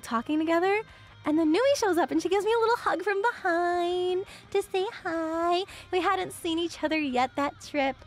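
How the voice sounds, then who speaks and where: A young woman streamer casually telling a story, chatty and animated, with lots of filler words and frequent laughs. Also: extremely high pitch.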